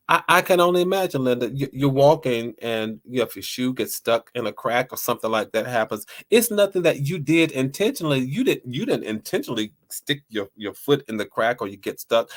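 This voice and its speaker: A man hosting a talk show, speaking lightheartedly to his listeners and often restarting and repeating words as he rambles. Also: medium pitch. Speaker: host.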